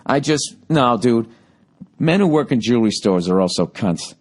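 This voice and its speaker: A man's voice: mid-range voice, animated, moderate pace, a little mellow. A man in his forties with a Boston accent, hosting a casual solo podcast, reading listener emails and ranting with profane, sarcastic asides. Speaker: podcast host.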